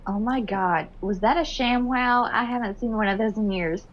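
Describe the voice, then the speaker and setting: A woman's voice: a little high, normal speed, muffled recording. A woman playing in a tabletop game, easygoing, answering in short replies. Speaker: player. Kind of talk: casual tabletop play.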